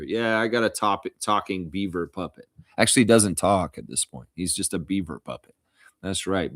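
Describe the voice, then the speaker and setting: A man's voice: low-pitched, expressive, moderate pace, a bit bright, no room sound, studio quality. A man hosting a casual live stream, reading chat comments and rambling with jokes and laughter.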